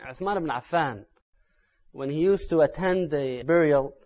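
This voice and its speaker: High-voiced man preaching earnestly. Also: a little slow, phone-quality sound. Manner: earnest, building to loud, urgent emphasis. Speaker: Islamic preacher. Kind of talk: sermon.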